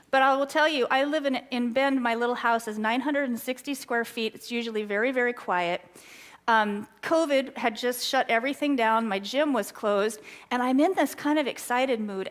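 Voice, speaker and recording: A middle-aged woman giving an earnest, excitable talk at a church, telling stories from her own life. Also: on the high side. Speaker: guest speaker.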